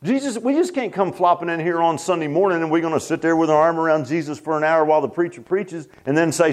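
A pastor delivering a sermon in a fairly high, emphatic voice. He preaches in a folksy way, circles back on his own phrases and laughs at his own asides. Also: fast, hardly any pauses.

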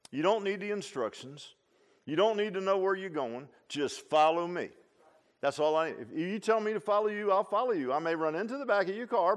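A pastor preaches in a folksy, conversational way. He leans into loud, emphatic calls, then drops to low, quiet asides. His voice sits a touch high for a man. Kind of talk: sermon.

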